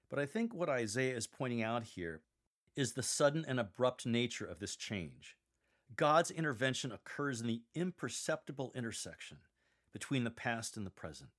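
A man teaching how to read scripture aloud, giving emphatic instructions with wry asides. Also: medium pitch. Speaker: lector coach.

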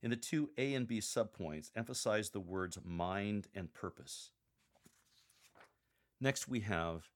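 A man giving calm, measured coaching on how to read a scripture passage aloud, demonstrating the readings himself. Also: on the low side. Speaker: lector coach.

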